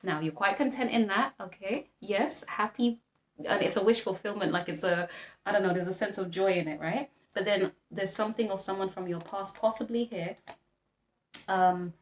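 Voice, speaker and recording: Chatty woman reading tarot, echoey room. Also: mid-range voice. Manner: chatty, rambling, apologetic asides. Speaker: tarot reader.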